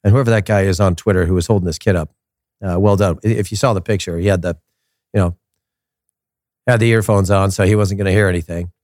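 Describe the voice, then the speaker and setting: A man hosting a casual soccer commentary show, opinionated and animated, repeating his points for emphasis. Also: low-pitched, fast talker, long pauses, no echo, studio quality. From United States.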